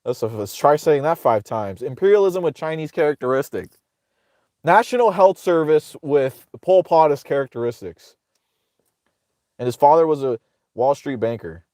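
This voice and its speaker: A man's voice: on the high side, expressive, moderate pace, dark tone, no room sound, clean studio sound. Sarcastic, profane ranting man. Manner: sarcastic, profane, rambling with many restarts. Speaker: political commentator host. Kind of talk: casual ranting livestream commentary.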